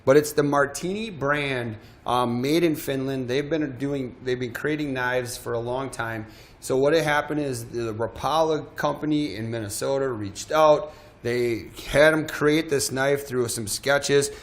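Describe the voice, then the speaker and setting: A man's voice: medium pitch, a little slow. A man hosting a live shopping show, talking in a chatty, self-deprecating way and often stumbling over his words. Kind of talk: live sales pitch.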